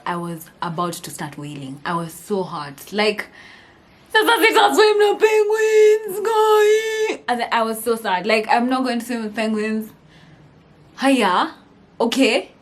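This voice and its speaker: Laughing and animated, a young woman vlogger with a Kenyan accent shares a storytime vlog, blending English with Swahili slang. Her voice is mid-range.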